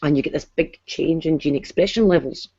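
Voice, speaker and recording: A woman's voice: low voice, fairly quick, gravelly, warm tone, husky, no echo, lo-fi sound. A woman in an online chat, explaining things patiently and step by step. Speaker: guest explaining science.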